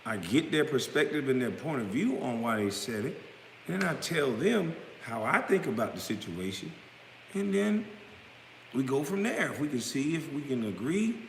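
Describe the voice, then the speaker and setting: A man in his thirties ranting bluntly to camera, swinging from low mutters to loud outbursts. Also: sing-song, normal speed, creaky, a little hiss or hum. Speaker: vlogger. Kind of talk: profane rant to camera. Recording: echoey room with long reverb.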